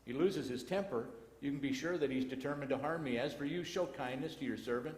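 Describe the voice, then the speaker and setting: A man's voice: mid-range voice, fairly quick. A man with a Texan accent teaching a Bible class in a church, reading scripture aloud and breaking into folksy asides. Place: church auditorium. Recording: echoey church hall broadcast.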